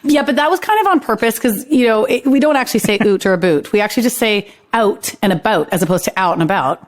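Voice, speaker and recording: A woman's voice: fairly high pitch, expressive, quick pace. A middle-aged Canadian woman with a Canadian accent, guesting on a podcast from home and telling stories in a chatty, self-deprecating way. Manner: chatty storyteller, self-deprecating, laughs often. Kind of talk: casual interview chat. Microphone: standing at a home microphone, remote.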